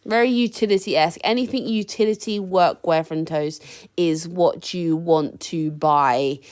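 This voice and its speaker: Chatty woman with a low voice. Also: measured pace, smooth. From England. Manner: chatty and laughing, with slangy asides. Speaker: secondhand clothing reseller. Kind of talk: casual thrifting vlog chat.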